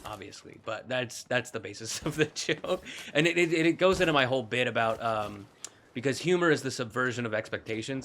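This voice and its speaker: Male gaming streamer, bright voice, loose joking tangents. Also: mid-range voice, slight background noise. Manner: rambling, joking, full of tangents. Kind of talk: casual gaming stream commentary.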